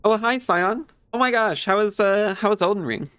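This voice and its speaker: A man's voice: high-pitched, normal speed, a bit bright, clear, resonant tone, dry recording. Giggly man streaming a game. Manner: chatty, giggly, apologetic asides to chat. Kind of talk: casual gameplay commentary.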